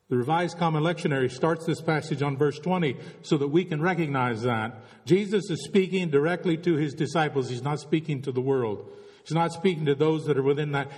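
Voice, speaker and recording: A man's voice: medium pitch, darkish tone. Man preaching a reflective sermon in a hall. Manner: reflective, asks many rhetorical questions. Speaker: pastor.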